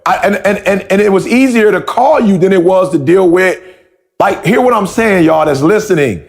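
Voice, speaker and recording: A man's voice: high-pitched, expressive, normal speed, gravelly. A man hosting a motivational conversation, telling stories with emphatic repeated questions. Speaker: podcast host.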